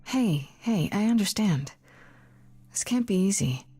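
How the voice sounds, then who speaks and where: A tentative young newcomer. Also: female voice, mid-range voice, animated, measured pace, mellow, husky, soft background music. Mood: sympathetic. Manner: tentative, sympathetic. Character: young woman newcomer, kind and unsure. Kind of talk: video game voice acting.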